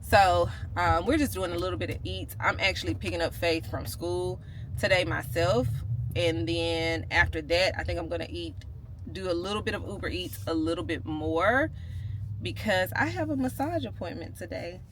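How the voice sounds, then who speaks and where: A woman's voice: on the low side, moderate pace, a little hiss or hum. A woman, chatting casually to her viewers in a vlog, playful and full of slang. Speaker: vlogger. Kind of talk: casual vlog chat to camera.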